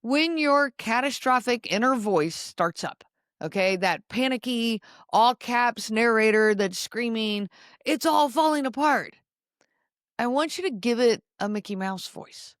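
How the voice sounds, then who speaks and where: A middle-aged woman hosts an advice podcast in a calm, explanatory voice that sits a little high. She often pauses to check in with the listener. Her voice is recorded close on a dry mic. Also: clear, resonant tone, no echo. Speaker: podcast host.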